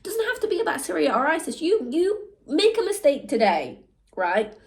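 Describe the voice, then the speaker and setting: Woman ranting to camera, kinda high voice, laughs at herself, does silly voices for other people. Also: normal speed. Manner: animated, switches into mock voices when quoting people; laughs at herself mid-sentence. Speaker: vlog host. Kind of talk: candid monologue to camera.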